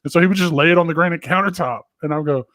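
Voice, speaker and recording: A man's voice: a little high, racing, fairly bright tone, dry recording, studio quality. A man co-hosting a podcast in casual banter. He tells loose, profane stories and acts out the people he quotes. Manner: loose storytelling full of profanity and acted-out quotes. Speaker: podcast co-host.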